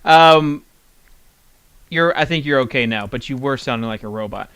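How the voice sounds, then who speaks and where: A man's voice: mid-range voice, moderate pace, fairly bright tone, clear, resonant tone, no room sound. A man hosting a fantasy baseball chat, playful and casual, sometimes searching aloud for words.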